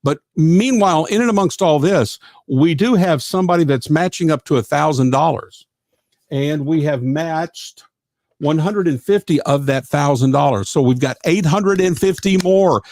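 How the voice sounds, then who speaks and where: Man hosting live radio, gravelly and chatty, quick with thanks and amens, dry close mic. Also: a little high, darkish tone, dry recording. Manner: chatty and effusive, with frequent thanks and "amen". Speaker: radio host. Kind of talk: live radio chat reading out listener comments.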